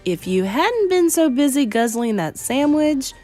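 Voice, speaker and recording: A woman voicing a calm, sensible young boy turned into a mouse, speaking in a patient, matter-of-fact, gently teasing way. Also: sits high, measured pace, faint music behind, pitched above the performer's own voice. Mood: calm persuading.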